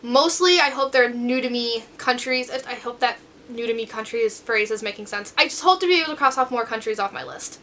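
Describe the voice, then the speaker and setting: A woman's voice: fairly high pitch, fairly quick, fairly bright tone, a little hiss or hum. A young woman in a casual, rambling chat to camera about books, filming on her bedroom floor at night. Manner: chatty, rambling, self-deprecating. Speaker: book vlogger.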